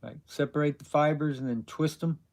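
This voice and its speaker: A man hosting a casual live stream, answering viewers' chat questions in a rambling, halting way with many fillers. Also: fairly high pitch, fairly even intonation, vocal fry, a little mellow. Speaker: livestream host.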